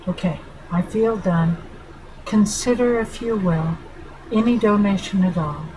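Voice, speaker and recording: A woman's voice: mid-range voice, a little slow, warm tone, slight background noise, low-quality recording. Earnest middle-aged woman vlogging. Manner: earnest, affectionate, speaks straight to her viewers. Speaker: family therapist and channel host. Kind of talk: heartfelt direct-to-camera vlog.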